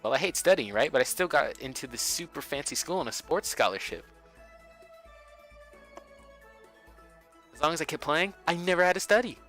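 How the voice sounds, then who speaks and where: A man's voice: on the high side, very animated, quick pace, a bit bright, faint music behind, pitched above the performer's own voice. A man voicing a brash, cocky teenage boy baseball star who swears casually, reading game dialogue aloud. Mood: boastful.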